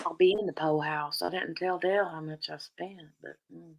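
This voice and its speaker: A woman's voice: low voice, fairly even intonation, moderate pace, creaky. A woman hosting a casual live stream chat from home, talking chattily and laughing often.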